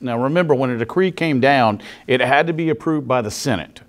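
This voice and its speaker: Conversational pastor preaching a sermon. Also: male voice, mid-range voice, brisk, few pauses. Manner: conversational, asks the congregation questions. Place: church sanctuary.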